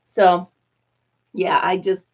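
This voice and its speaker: A woman's voice: lowish voice, completely flat delivery, drawn-out words, a little mellow, highs cut off. A woman hosting a casual live chat, talking freely with frequent laughs and cooing asides to her dog. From United States. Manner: chatty, laughs often, coos to her dog. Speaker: host.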